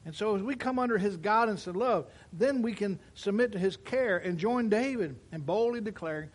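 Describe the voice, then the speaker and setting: A pastor preaching a sermon, swinging between loud emphatic declarations and quiet asides while addressing his congregation in church. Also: sits high, fairly quick, few pauses.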